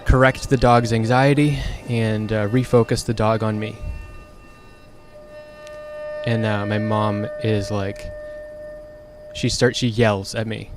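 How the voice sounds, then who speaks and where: A man's voice: fairly low pitch, flat delivery, unhurried, music in the background. A young man telling a personal story in a casual, frank monologue, exasperated and swearing freely. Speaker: streamer.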